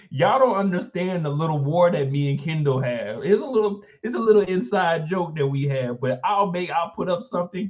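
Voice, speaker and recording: Joking, profane stream host from the Midwest. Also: male voice, fairly high pitch, a little mellow, lo-fi sound. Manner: joking, profane, breaks into laughter. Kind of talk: casual live-stream chat.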